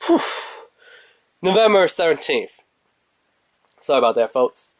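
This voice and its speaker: A man with a fairly high-pitched voice talks through a toy unboxing. He rambles in a casual, animated way and tells his story to the camera. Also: unhurried, dry recording.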